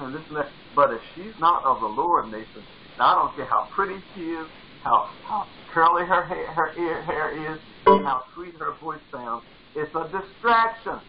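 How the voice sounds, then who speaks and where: A man's voice: a little high, animated, moderate pace, dull audio. A male pastor preaching a sermon with fervor, driving points home by repeating phrases. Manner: fervent, repeats phrases for emphasis.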